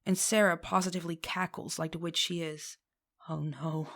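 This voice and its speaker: A woman reads a fan fiction story aloud with a lowish voice. She reads expressively, slipping into voices for the characters. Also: steady tone, moderate pace, a bit bright. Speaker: reader.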